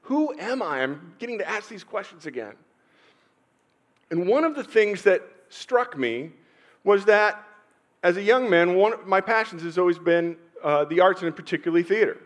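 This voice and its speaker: Middle-aged man, pastor, slightly higher voice; sermon delivery, storytelling, pauses and swells. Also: animated. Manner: personal storytelling with pauses and sudden swells in loudness.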